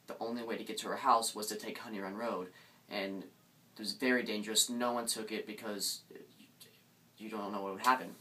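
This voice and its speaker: Young man telling a ghost story haltingly. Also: lowish voice, steady tone, sharp tone. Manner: hesitant, many restarts, suspenseful. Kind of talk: casual spoken ghost story. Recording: distant mic, faint background noise.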